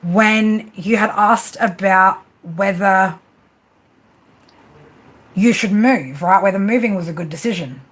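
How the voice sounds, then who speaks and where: A woman's voice: mid-range voice, slow, long pauses, a bit bright, slight background noise, low-quality recording. A woman giving a live tarot reading, talking casually and bluntly, repeating herself and tagging "right?" onto her points. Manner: casual, repetitive, tag questions; affectionate, blunt, swears. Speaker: tarot reader.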